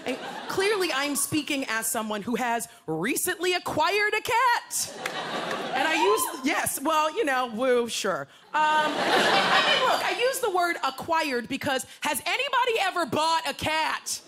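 Woman stand-up comic, higher voice with wide swoops, live club set over a noisy laughing crowd. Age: older than her twenties. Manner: animated, quick asides to the crowd, playful put-on voices. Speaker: stand-up comedian. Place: comedy club stage. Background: loud audience laughter and noise.

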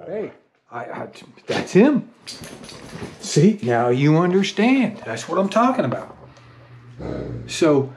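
A middle-aged man, telling a casual, self-mocking story at home in his home office. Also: medium pitch. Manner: chatty, self-mocking, rises into excited baby-talk with the dog. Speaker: vlogger.

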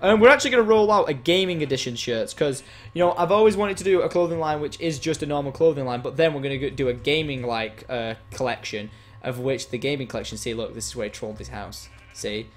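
A young man with a medium-pitched voice talks fast with few pauses while hosting his gaming channel, over slight background noise. His casual gameplay commentary is playful and teasing, swinging now and then into frustration.

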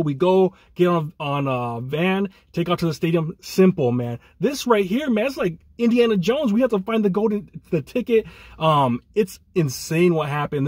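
Heated male podcast co-host; slightly raspy, pitched a bit high, dry. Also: darkish tone, no room sound. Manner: angry ranting, repeats "man". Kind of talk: fan rant podcast.

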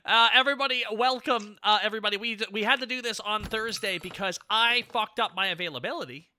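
A man's voice: sits high, fast, pushed and bright, slight background noise. A man hosting a casual livestream, stammering and rambling in a playful way as he welcomes his guests. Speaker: stream host.

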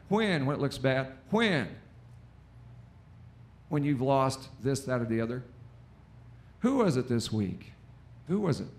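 An American man preaching a lively sermon in a church, with call-and-response and acted-out quotes. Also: a little high. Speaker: pastor. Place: church auditorium.

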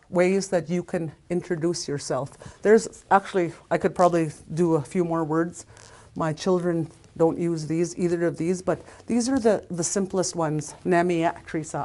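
Low-voiced older woman teaching haltingly. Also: mellow. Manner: halting, loses her place and restarts often; sounds out syllables slowly and repeats them. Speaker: language teacher. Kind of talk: informal language lesson.

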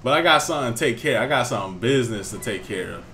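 A man's voice: mid-range voice, lively intonation, fast, sharp tone, slight background noise. A young man casually commenting on his gameplay in a laid-back, slangy way. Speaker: let's play host.

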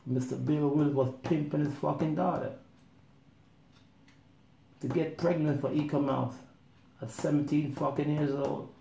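In a roomy, echoing recording with slight background noise, a man with a fairly high, steady voice tells his own story unhurriedly. His tone is dark, with vocal fry and frequent pauses, and the monologue is rambling, blunt, and profane, with him acting out other people's voices.

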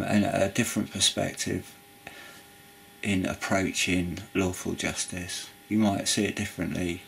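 A man's voice: fairly low pitch, gravelly, slight background noise. A man giving an earnest, rambling spoken testimony about forgiveness, full of restarts and asides. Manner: rambling, earnest, with frequent restarts and "you know". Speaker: Christian video preacher. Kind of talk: informal spoken testimony and preaching.

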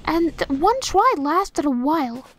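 A woman's voice: high-pitched, big pitch swings, measured pace. A young woman doing casual, rambling gameplay commentary, talking to herself and getting exasperated as she plays. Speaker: let's play host.

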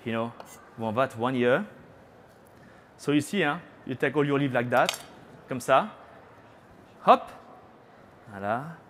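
A man's voice: mid-range voice, expressive, measured pace, long pauses, fairly bright tone, slight background noise. A middle-aged man with a French accent, a chef giving a live cooking demonstration on a trade-show stage, chatty and playful, teasing the audience and dropping French words into his talk. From France.

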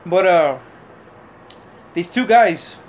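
A young man with a fairly high voice talks straight to the camera in a loose, rambling storytelling style, full of restarts and casual swearing. A faint hum of room ambience sits behind him. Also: animated, very slow. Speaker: vlogger.

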